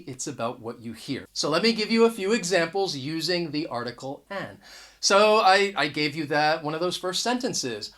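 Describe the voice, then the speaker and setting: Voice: medium pitch, fairly bright tone. An English teacher giving a casual video lesson to camera, talking in a conversational way, often restarting words and stressing the key points. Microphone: camera mic.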